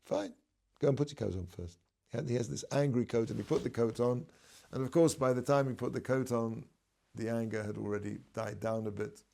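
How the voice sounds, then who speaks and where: Rabbi lecturing a class, man with a mid-range, gravelly voice, relaxed and digressive. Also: medium pitch, brisk. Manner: relaxed, digressive storytelling, mixing in Hebrew terms. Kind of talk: conversational Torah lesson.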